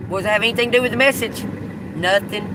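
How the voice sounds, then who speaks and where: A woman with a Southern US accent, a tarot reader talking straight to her viewers, blunt and profane, swinging between a slow drawl and heated outbursts. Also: medium pitch, background noise. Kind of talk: unscripted video rant to viewers.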